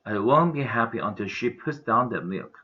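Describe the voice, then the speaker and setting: A man's voice: mid-range voice, expressive, normal speed, sharp tone. A man with a Korean accent voicing a grumpy male house cat who mutters sulkily, on a dull lo-fi recording. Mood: sulky. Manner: muttering, sulky.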